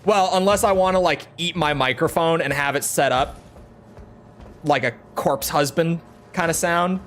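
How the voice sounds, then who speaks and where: Young man, twenties, rambling gaming streamer, speaks from his throat; a touch high-pitched. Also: normal speed, a bit bright, a little hiss or hum. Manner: talks from the throat to project, chatty and rambling. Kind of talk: casual gaming stream chat.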